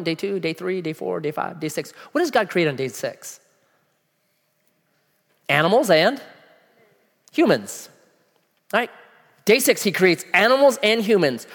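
A man preaching a sermon in a casual, animated way, using slang and asking the listeners questions. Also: sits high. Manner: animated, acts out voices of people in the story. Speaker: pastor. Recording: long hall reverb.

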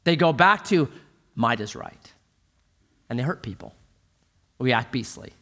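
A middle-aged male pastor preaching a sermon, telling a humorous story in an animated way. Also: medium pitch, a little slow.

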